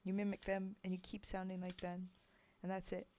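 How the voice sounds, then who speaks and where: This North American woman streamer chats with her viewers between poems, then reads them aloud, often giggling and poking fun at herself. Her medium-pitched voice is brisk and dark with a completely flat delivery, over slight background noise.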